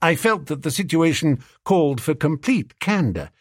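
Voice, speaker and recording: A man narrating a comic story in first person, lively and wry. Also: a little high, normal speed, dry recording, clean studio sound. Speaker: audiobook narrator.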